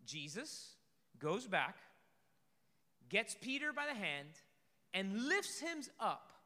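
A man preaching a sermon to a congregation, lively, swinging between loud emphasis and soft asides. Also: high-pitched. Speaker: pastor. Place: church sanctuary. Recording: reverberant hall.

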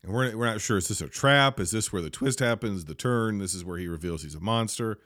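Low-voiced man rambling through a movie recap. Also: brisk, fairly bright tone, no echo, studio quality. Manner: rambling, filler-heavy, lots of "like". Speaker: film reviewer.

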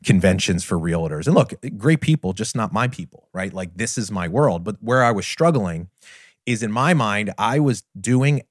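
A middle-aged man hosting a podcast, candidly retelling a personal story in an earnest, animated way. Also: lowish voice, normal speed, no room sound, clean studio sound. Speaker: podcast host and business trainer.

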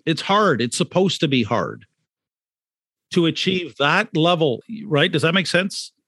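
A man's voice: fairly high pitch, big pitch swings, unhurried, fairly bright tone, dry recording, studio quality. A man, an author and brand consultant, talking in a podcast interview, emphatic, repeating key points and asking rhetorical questions.

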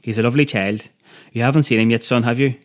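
A man's voice: medium pitch, fairly even intonation, quick pace, lightly acted. A man reading as a tender, worried mother. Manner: tender, gentle. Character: worried loving older Irish mother writing.

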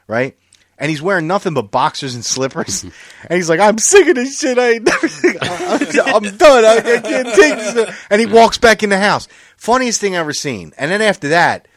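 Swearing man telling animated stories on a podcast. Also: medium pitch, dry recording, clean studio sound. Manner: animated, profane storytelling with acted-out quotes. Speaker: podcast host. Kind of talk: casual chat.

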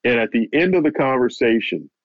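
Fairly quick and medium-pitched, this male American boxing reporter animatedly retells an anecdote as an interview guest, repeating "he said" again and again. The audio is dull, muffled and lo-fi, dry with no echo.

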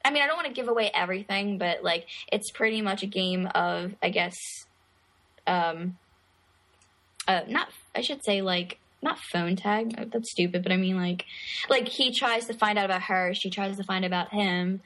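A woman co-hosting a casual chat about a movie, chatty and quick to laugh. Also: medium pitch, a bit bright. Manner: chatty, laughs often, acts out quotes. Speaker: podcast co-host.

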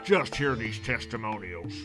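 A man playing a hammy infomercial pitchman with a put-on Texan drawl. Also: expressive, moderate pace, over music, lightly acted. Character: gravelly southern male cult-like water salesman.

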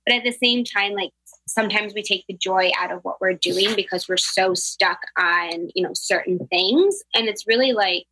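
Young woman guest on a podcast, bright sharp voice, upbeat, says like a lot. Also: mid-range voice, normal speed, a little hiss or hum, rough recording. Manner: upbeat, reflective, many filler "like"s. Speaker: podcast guest, travel planner and health coach. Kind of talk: casual chat.

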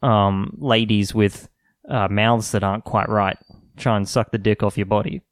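A man's voice: lowish voice, steady tone, normal speed, dry recording, studio quality. A man co-hosting a casual comedy podcast, explaining odd facts playfully. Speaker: podcast co-host.

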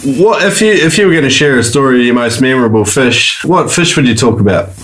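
A man's voice: mid-range voice, expressive, a little fast, a bit bright. A man hosting a casual interview, asking his questions hesitantly with lots of fillers. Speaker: podcast host.

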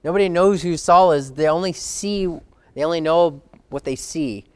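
A man's voice: fairly high pitch, moderate pace, a little mellow, clear, resonant tone, no room sound. A man preaching a sermon in a conversational way, reading verses aloud and acting out quoted voices.

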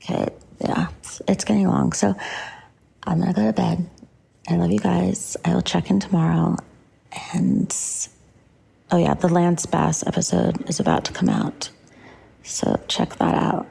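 A woman's voice: very animated, a little slow, long pauses, dark tone. A woman hosting a podcast, recapping her day in a chatty, gushing way with many fillers, tired and about to go to bed. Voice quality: low creaky vocal fry. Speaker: podcast host. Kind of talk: casual late-night recap monologue.

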